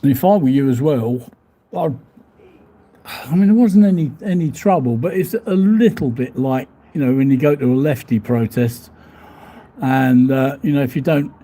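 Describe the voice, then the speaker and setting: A man's voice: mid-range voice, moderate pace, mellow. A man chatting casually on a live stream from a hotel room, rambling, laughing often and swearing mildly as he reads out viewer comments. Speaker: vlogger reading live chat. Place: hotel room overlooking the seafront.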